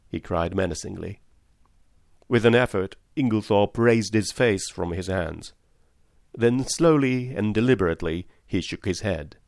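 A man narrates a story in a measured, deliberate reading. His voice is low. The recording is dry and close, with no room sound. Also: vocal fry, dry recording. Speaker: audiobook narrator. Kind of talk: scripted narration.

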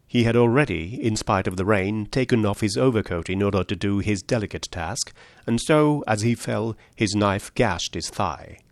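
A man reading a story aloud, voicing a shrewd male detective who lays out his deductions in a measured, precise way. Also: on the low side, no echo, natural voice. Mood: explaining.

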